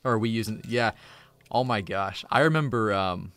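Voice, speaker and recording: A male host of a live stream, laid-back and quick to react with exclamations as he chats with callers. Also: lowish voice, a bit bright, dry recording. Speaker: show host.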